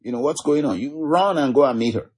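A watchful prophet who spots someone in the distance and sends his servant running, as a preacher voices him. The delivery is husky and plain. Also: mid-range voice, lively intonation, a little fast, a little mellow, pitched above the performer's own voice. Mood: curious. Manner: curious, giving orders. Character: prophet Elisha, an older watchful man.

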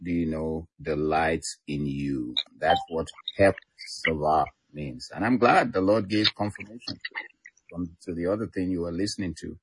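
A male pastor chatting in a relaxed, affirming way, filling his talk with "you know". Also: deep voice, a little slow, background noise. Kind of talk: casual ministry chat on a prayer line.

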